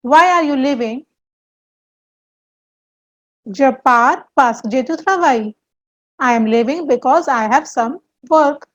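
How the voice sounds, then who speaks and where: Slow, high-voiced woman teaching French. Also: lo-fi sound. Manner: slow, deliberate, repeats example sentences. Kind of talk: explaining grammar to learners.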